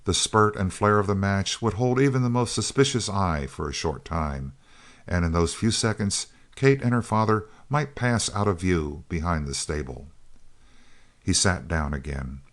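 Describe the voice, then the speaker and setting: A male audiobook narrator reads a Western in a steady, measured way. His voice is deep and low. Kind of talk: scripted narration of a Western novel.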